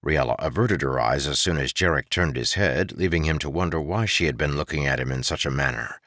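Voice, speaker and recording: A man narrating a fantasy audiobook in an expressive storytelling manner, shifting into voices for the characters. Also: rumbling low, fairly quick, no echo, studio quality.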